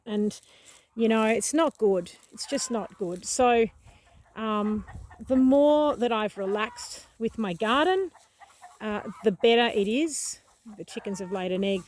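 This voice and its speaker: Gentle rambling woman in her garden. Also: on the high side. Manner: rambling, gentle, full of delighted exclamations. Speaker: gardening vlogger. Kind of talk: casual walking vlog. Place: outdoors in a garden. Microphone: handheld phone.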